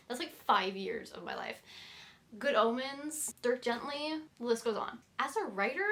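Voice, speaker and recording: A woman's voice: fairly high pitch, a bit bright. A young woman talking to camera about writing, chatty and rambling, often breaking off into asides. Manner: chatty, rambling, self-interrupting with likes and digressions. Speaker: writing vlogger. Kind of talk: casual talk to camera.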